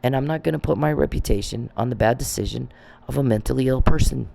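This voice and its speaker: This vlogger has a medium-pitched, warm, creaky voice and talks fast. His monologue is an agitated, accusatory rant full of swearing, and he repeats himself for emphasis.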